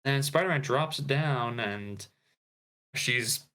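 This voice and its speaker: Casual male co-host, bright tone, slow pace, recaps a script with lots of uhs. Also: mid-range voice. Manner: retells a script with fillers and asides. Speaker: podcast co-host. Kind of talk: casual chat.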